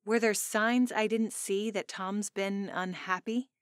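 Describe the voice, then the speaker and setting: A woman narrating a first-person romance audiobook in an expressive, emotional way, on a close studio mic. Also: medium pitch, takes it slowly, dry recording.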